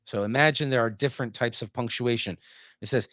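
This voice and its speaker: A man's voice: medium pitch, a little fast, fairly bright tone, no echo. A man lecturing on a text, explaining it and checking in with rhetorical questions. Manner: acts out example sentences in changing tones. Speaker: philosophy lecturer.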